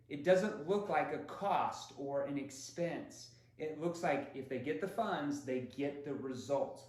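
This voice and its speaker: A fairly high-voiced man teaches sales technique in a lively, up-and-down way. He slips into short acted lines for buyer and seller, and his voice rings in a very echoey room. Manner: demonstrative, acts out prospect and seller lines with shifting tone. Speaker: sales trainer. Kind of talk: recorded sales training lesson.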